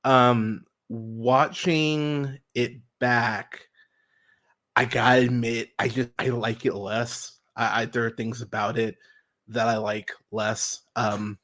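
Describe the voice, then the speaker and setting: A man's voice: medium pitch, little pitch movement, slow, a bit bright. A man talking loosely into his podcast mic, rambling and circling back with plenty of ums and restarts. He swears freely. When he quotes people he disagrees with, he slips into mocking voices. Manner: rambling, heavy fillers and restarts, frequent swearing. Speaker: podcast host. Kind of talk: casual solo movie commentary.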